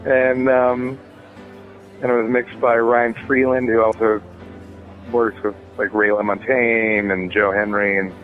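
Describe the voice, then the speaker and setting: A man's voice: on the low side, little pitch movement, a little slow, soft background music. Rambling musician man on a phone line. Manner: rambling, with many fillers and restarts. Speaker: musician guest. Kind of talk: casual interview chat.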